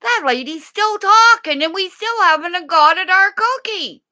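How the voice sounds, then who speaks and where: A woman voicing her hungry family dogs, who beg for cookies in squeaky, pleading tones. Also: lively intonation, measured pace, bright, forceful tone, heavily acted.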